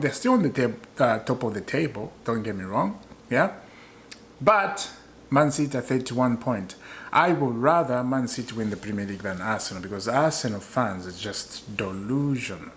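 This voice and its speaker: A man's voice: medium pitch, a little hiss or hum. A man venting as a football fan in a casual vlog, annoyed, hammering points home by repeating them and asking viewers questions. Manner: rhetorical questions to viewers, chuckles often.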